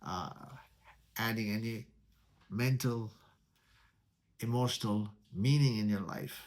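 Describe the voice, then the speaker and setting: A man teaching meditation in a spiritual talk. He speaks deliberately, repeats key words, and poses rhetorical questions. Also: fairly low pitch, a little mellow.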